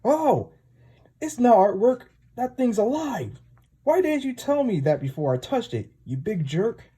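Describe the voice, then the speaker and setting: Guy putting on a squeaky lil elf sprite voice, high and jumpy. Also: expressive, normal speed, warm tone, breathy edge. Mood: alarmed. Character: small chatty male elf sprite.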